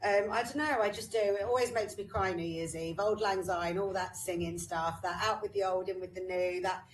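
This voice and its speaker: A woman's voice: medium pitch, steady tone, moderate pace, slight background noise, rough recording. A woman co-hosting a podcast, talking openly in casual chat with frequent ums and repeats. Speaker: podcast co-host.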